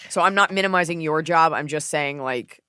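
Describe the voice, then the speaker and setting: A woman hosting a podcast, giving advice in a casual chat with sarcastic, deadpan jokes. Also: low voice, fairly quick, smooth, no room sound, clean studio sound. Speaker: podcast host.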